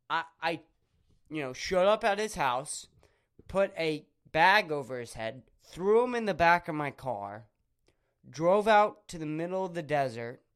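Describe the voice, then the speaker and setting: Slow-talking young man rambling crude. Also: a little high, a bit bright, smooth. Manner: rambling, crude, absurd storytelling. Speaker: podcast host. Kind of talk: casual podcast monologue.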